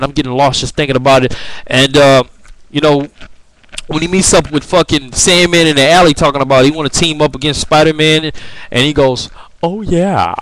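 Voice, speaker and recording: A man's voice: on the high side, fairly bright tone, rough recording. A young man vlogging his opinions in a loose, rambling rant full of fillers and swearing. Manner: rambling, profane, heavy on fillers like "you know, man".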